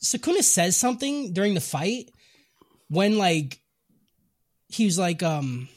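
A man co-hosting a podcast, chatting casually and excitedly about an anime, swearing freely. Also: high voice, unhurried. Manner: excited, swearing, asks questions. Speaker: podcast co-host. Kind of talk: casual recap chat.

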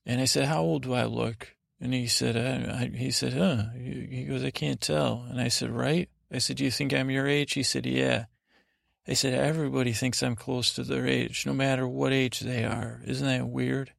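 A man hosting a podcast, telling a rambling, halting bedtime story in a gravelly voice. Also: mid-range voice, dry recording, clean studio sound. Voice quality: gravelly, creaky. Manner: meandering, halting, monotone delivery. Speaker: podcast host.

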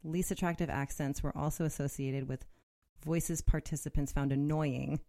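Chatty low-voiced woman podcast host. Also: steady tone, normal speed, dark tone. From Connecticut. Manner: chatty, laughs often, reads aloud. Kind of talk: casual chat.

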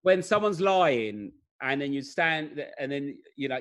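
A man in his thirties with a South East London accent, chatting casually as a podcast guest and rambling through animated stories. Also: on the high side, a little fast, hardly any pauses. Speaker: guest comedian. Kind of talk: casual chat.

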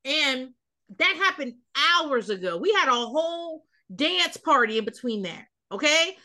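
A woman podcast host with a bright, forceful voice. She talks fast and loose in a casual recap chat. She rants bluntly and swears freely, with a fairly high pitch. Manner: blunt, profane, animated ranting.

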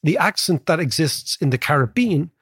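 A man talks economics on a podcast, spinning animated stories and checking in with the listener. His voice sits a bit high and sounds husky. The recording is close and dry. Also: moderate pace, no echo. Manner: animated, storytelling, frequent tag "right?". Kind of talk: casual conversational podcast.

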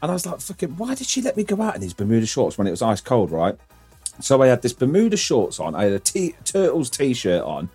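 Lively husky man laughing through a story. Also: mid-range voice, a little fast, faint music behind. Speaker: podcast co-host. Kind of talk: casual storytelling chat.

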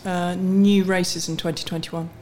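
A middle-aged woman speaks as a podcast guest in a lowish voice. She is candid and self-deprecating, often restarting her sentences. A faint hiss sits under the recording. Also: level tone, a little slow, a little mellow. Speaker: guest, sports series CEO. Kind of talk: casual podcast interview.

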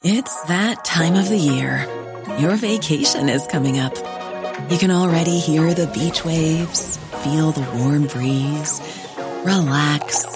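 Low-voiced woman reading an ad over music. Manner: calm, soothing delivery. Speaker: ad announcer. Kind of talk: scripted ad read. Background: music bed.

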